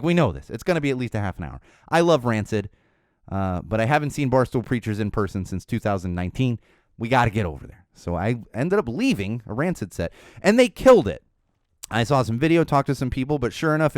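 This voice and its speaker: Smooth-voiced man telling a rambling story. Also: medium pitch, sing-song, fairly quick, no room sound, clean studio sound. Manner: rambling, with many fillers and restarts. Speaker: podcast host. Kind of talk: casual storytelling.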